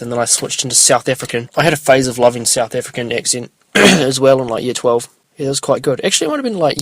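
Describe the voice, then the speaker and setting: A young man chatting alone on his podcast, rambling and unhurried with plenty of filler. His voice sits at an ordinary middle pitch. The sound is dry and close, with no room echo. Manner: rambling, laid-back, lots of filler. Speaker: podcast host. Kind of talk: casual solo podcast chat.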